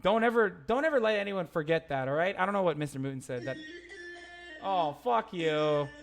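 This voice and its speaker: This is a young man's livestream where he reads chat and comments on it, ranting in a heated, profane, rambling style full of restarts. His high voice is expressive and fast, with faint music in the background.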